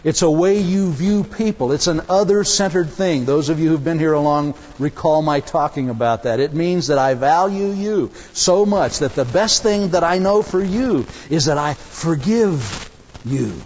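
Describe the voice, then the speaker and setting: Animated guy preacher cracking jokes, slightly high voice, dull recording in a big echoey hall. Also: moderate pace. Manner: animated, jokey, acts out voices. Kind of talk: humorous sermon storytelling. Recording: dull sound, long hall reverb.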